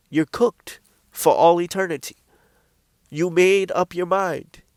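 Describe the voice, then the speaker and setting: Blunt, high-voiced man preaching. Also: dry recording, studio quality. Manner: blunt, profane, repeats himself for emphasis. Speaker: Christian speaker. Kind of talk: casual preaching vlog.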